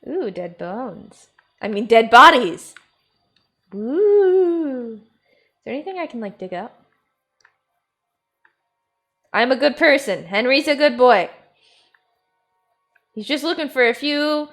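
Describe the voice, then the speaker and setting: A woman whose first language is German, chatting playfully to her stream as she plays. Her voice sits fairly high and swings widely in pitch, loose and animated. She laughs easily between remarks. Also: slow, pauses often, soft background music. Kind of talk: casual gameplay commentary.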